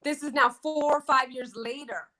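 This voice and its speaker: A woman telling a personal story as an interview guest, emphatic and repeating key phrases slowly. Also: high voice, fairly even intonation, bright, forceful tone.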